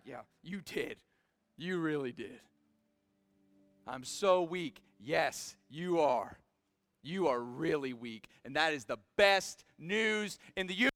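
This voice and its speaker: A man with a high, bright, crisp voice preaches a sermon, moving from quiet pleading to full-throated shouting. He tosses in casual, joking asides to his listeners. The sound is dry and close. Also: lively intonation, takes it slowly, no echo. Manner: swings from hushed pleading to shouted exhortation. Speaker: pastor.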